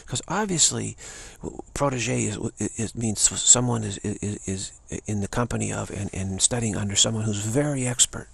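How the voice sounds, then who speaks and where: A man's voice: lowish voice, normal speed, few pauses, a little hiss or hum. A man giving a rambling, casual spoken talk as a teacher, stammering and restarting often. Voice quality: gravelly, raspy voice. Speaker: spiritual teacher.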